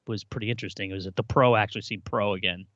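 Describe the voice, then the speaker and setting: A man's voice: lowish voice, fairly even intonation, rapid-fire, fairly bright tone, no echo, dull audio. A man co-hosting a podcast, chatting casually and reading out rumors with lots of fillers. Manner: easygoing, reads out rumor roundups with many fillers. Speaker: podcast co-host. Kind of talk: casual chat.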